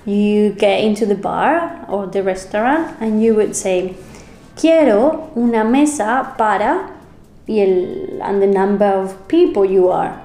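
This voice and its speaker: A woman with a Spanish accent, co-hosting a casual language lesson and modeling phrases slowly and carefully. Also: mid-range voice, animated, warm tone, reverberant. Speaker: Spanish teacher co-host.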